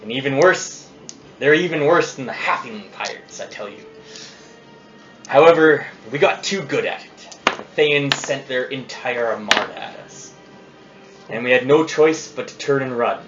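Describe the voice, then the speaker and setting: A man voicing a gruff, boastful male pirate ship captain in a hearty pirate growl, recorded on a phone in a roomy space. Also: medium pitch, fairly bright tone, lo-fi sound.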